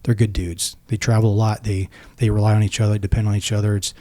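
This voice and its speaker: A middle-aged man, a former Navy SEAL, telling stories casually and acting out the quoted lines in a lively way. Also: fairly low pitch, quick pace. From United States. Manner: animated, acts out quoted dialogue. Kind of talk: casual storytelling.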